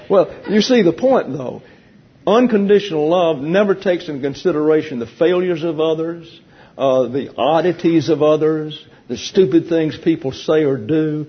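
A man leading a Bible class, teaching in a teasing, conversational way and explaining points slowly to a room of listeners. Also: on the high side, husky. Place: church classroom with an audience. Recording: dull lo-fi recording.

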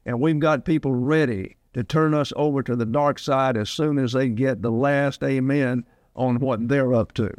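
A man's voice: medium pitch, fairly even intonation, moderate pace, darkish tone, dry recording. A man in his eighties from Alabama, preaching a sermon in a folksy, rambling way. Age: 80s. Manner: folksy, digressive storytelling. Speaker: pastor.

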